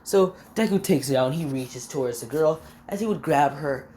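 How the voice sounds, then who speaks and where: A woman improvising a fan story out loud, rambling, stopping on fillers and forgetting names as she goes. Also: low-pitched, normal speed, slight background noise.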